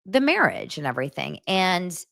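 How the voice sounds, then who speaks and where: A woman's voice: lowish voice, sing-song, moderate pace, gravelly, a bit bright. A woman hosting a celebrity gossip show, talking in a chatty, dramatic, rambling way. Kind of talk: casual celebrity gossip commentary.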